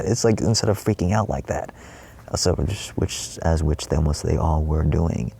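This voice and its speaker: A man's voice: deep voice, fairly even intonation, fast, vocal fry, a little mellow, husky. A man giving a rambling spiritual monologue in his trailer, swearing often and acting out his own past cries. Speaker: spiritual vlogger.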